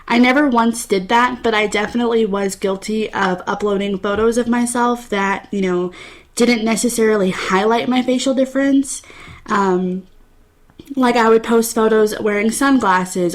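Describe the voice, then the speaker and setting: A young woman in her twenties hosting her own podcast, telling personal stories in a candid, chatty way. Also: medium pitch. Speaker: podcast host. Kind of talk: casual solo podcast talk.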